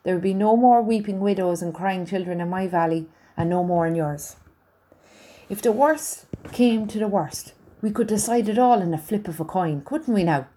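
A woman's voice: mid-range voice, normal speed, mellow, lightly acted. Woman doing a chatty soldier. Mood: earnest. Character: kindly Welsh soldier man, warm, down-to-earth.

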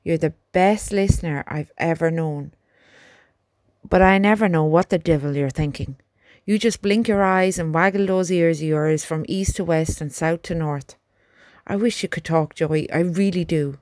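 A woman voicing a gentle young male soldier who talks softly and reassuringly to his horse, in an audiobook. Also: deep voice, moderate pace, dry recording, close to an everyday voice. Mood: fond. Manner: soft, chatty, reassuring talk to a horse.

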